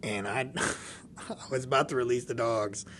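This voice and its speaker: A man of middle pitch tells a story in casual podcast chat, full of life, often laughing and playing out each person's lines. A faint hum of ambience sits behind his voice. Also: a little slow. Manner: animated, laughs often, acts out dialogue. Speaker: podcast guest.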